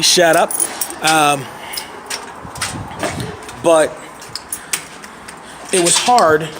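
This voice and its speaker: A man in his thirties with a hoarse voice, rambling through a casual self-deprecating vlog monologue and often clearing his throat. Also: a little high, fairly bright tone, slight background noise. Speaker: vlogger.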